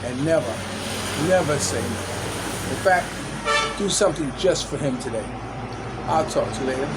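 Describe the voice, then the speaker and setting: A man's voice: on the high side, expressive, moderate pace, heavy background noise. Older man rambling with chuckles. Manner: rambling, chuckling, heavy "you know" fillers. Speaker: vlogger. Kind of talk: casual vlog commentary. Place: small outdoor hangout spot after tennis.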